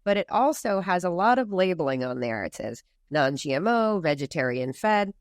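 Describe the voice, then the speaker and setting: A woman from the United States speaking as a podcast guest, animated and emphatic, with many rhetorical questions. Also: fairly low pitch, normal speed, no room sound, clean studio sound. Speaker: farm movement founder, guest. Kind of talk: podcast interview.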